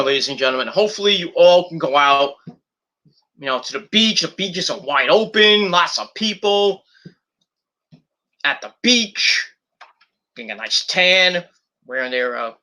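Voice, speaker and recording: Male podcast host, casual profane rant, bright sharp tone, animated delivery. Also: a little high. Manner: blunt and profane, with frequent fillers. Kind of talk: casual ranting monologue. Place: at home at night, indoors.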